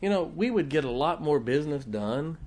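A man's voice: a little high, expressive, moderate pace, darkish tone. A middle-aged man preaching a sermon as pastor, folksy and often joking and laughing with the congregation.

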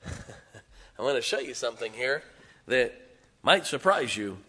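A middle-aged man preaching a sermon, telling folksy stories and swinging from hushed asides to loud, emphatic lines. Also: medium pitch, expressive, takes it slowly, slightly rough. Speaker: pastor.

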